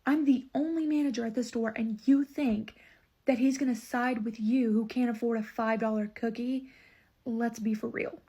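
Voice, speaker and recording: A woman with a somewhat high, husky voice tells a customer story from behind the counter. Her retelling is indignant and emphatic, full of pointed asides. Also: steady tone, normal speed, mellow. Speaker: store manager telling a customer story. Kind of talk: casual storytime vlog.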